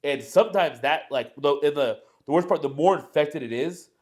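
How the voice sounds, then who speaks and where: A man's voice: a little high, moderate pace, darkish tone, slight background noise. A young man hosting a podcast, telling a rambling, profane story in casual chat. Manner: rambling and profane, acts out quoted voices.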